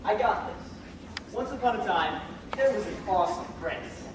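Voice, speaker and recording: A man's voice: sits high, big pitch swings, measured pace. A man voicing a bratty, pushy young prince who talks in a whiny, insistent way. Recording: echoey hall from far off, noise.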